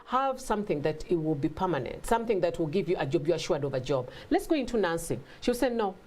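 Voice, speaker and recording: A woman guest in a casual talk, telling stories with lively acted-out quotes and frequent laughter. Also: low voice, quick pace, slight background noise. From Africa. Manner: animated storytelling, acts out quotes, laughs often. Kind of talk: casual conversation.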